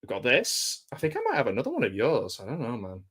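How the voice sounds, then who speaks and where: Chatty man with a soft Manchester accent. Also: medium pitch, wildly swooping pitch, fast talker, breathy edge. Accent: South Manchester English. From England. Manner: chatty, jokey, rambling with restarts. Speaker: guest. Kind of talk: casual video-call chat.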